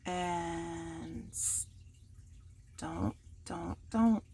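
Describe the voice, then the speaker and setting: A woman chatting casually and teasing herself while she crafts at home, going quiet when the work gets delicate. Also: fairly low pitch, fairly even intonation, drawn-out words, vocal fry, slight background noise. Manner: chatty and self-mocking, drops to a hush while working. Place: home workspace.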